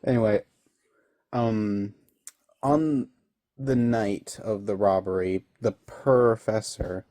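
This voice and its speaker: A man's voice: lowish voice, takes it slowly, dark tone, dry recording. A young man casually recapping an episode, rambling and laughing often. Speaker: online reviewer.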